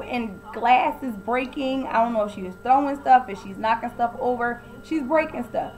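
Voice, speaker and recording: A woman's voice: high voice, moderate pace, slight background noise, low-quality recording. A woman giving a casual, blunt and opinionated recap of a TV episode, often acting out the quoted lines. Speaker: TV recap vlogger.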